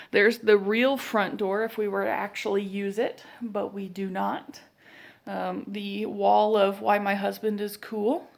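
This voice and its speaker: Young woman vlogger, house tour, unhurried pace, some vocal fry, chatty and self-mocking while she walks. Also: medium pitch. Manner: chatty, self-deprecating asides; walking while talking, a bit out of breath. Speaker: vlogger giving a home tour. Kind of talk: casual walkthrough narration. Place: inside her own house, moving room to room.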